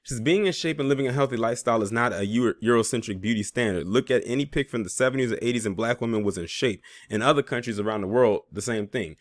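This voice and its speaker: A man's voice: mid-range voice, quick pace, few pauses, dry recording, clean studio sound. A man reading out social media posts and reacting with sarcastic, laughing asides, as host of a commentary channel.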